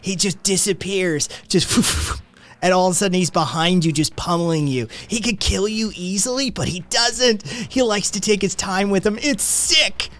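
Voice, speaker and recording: Brief: excitable male fight nerd, voiced by a game master, raised pitch, gushing and rambling. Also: unhurried.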